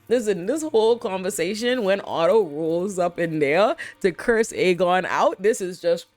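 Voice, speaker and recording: Slangy, animated woman recapping. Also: on the low side, moderate pace, few pauses, faint music behind. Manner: animated, profane, slangy storytelling. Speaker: host. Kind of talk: casual TV episode recap.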